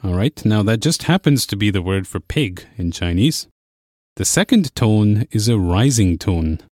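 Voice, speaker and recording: A man teaching a language lesson, explaining clearly and patiently. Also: lowish voice, big pitch swings, unhurried, a little mellow, dry recording, studio quality. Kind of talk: scripted lesson narration.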